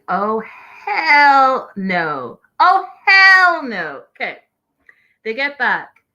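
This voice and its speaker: Bright-voiced woman hosting a lively recap. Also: medium pitch. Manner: expressive, exclaiming, acting out quotes. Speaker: podcast host recapping a reality show. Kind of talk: animated recap commentary.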